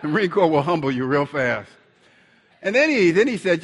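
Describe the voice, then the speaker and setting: A middle-aged man preaching, telling a lively story and acting out the dialogue. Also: fairly high pitch, a little fast, slightly rough, long reverb tail. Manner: animated storyteller, acts out dialogue. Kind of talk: storytelling sermon.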